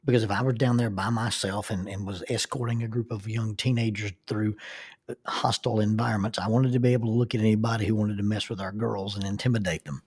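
A man's voice: on the low side, steady tone, fast, a little mellow, husky, no room sound. A middle-aged man with a Southern accent, telling folksy, self-deprecating travel stories with laughter. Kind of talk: casual storytelling.

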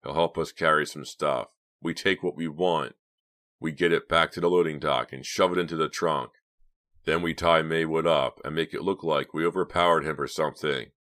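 A man's voice: very deep voice, steady tone, moderate pace, a bit bright, no echo, clean studio sound. A man voicing an impatient, bossy teenage boy who talks in a curt, exasperated way.

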